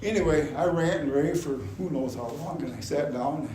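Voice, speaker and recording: An older man giving a personal testimony at a gospel meeting, telling his story in an animated way and acting out his past anger. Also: on the high side, moderate pace. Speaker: testimony speaker. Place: gospel hall. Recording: echoey hall, faint background noise.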